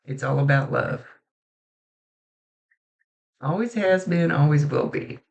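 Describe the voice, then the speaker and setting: Gravelly-voiced woman giving a psychic reading. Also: low voice, dull audio. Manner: halting, restarts sentences, relays messages in a soft conversational way. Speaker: psychic medium. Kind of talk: spoken mediumship reading.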